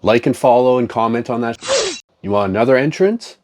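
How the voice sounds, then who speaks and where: A man's voice: mid-range voice, brisk, darkish tone. A man in a profane, joking, rambling casual chat, talking as a comic collector.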